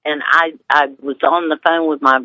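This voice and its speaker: A woman's voice: low voice, fairly even intonation, normal speed, no room sound, dull audio. A woman from Georgia calling into a radio show, hesitant and emotional, often restarting her sentences. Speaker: radio caller. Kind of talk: call-in radio question.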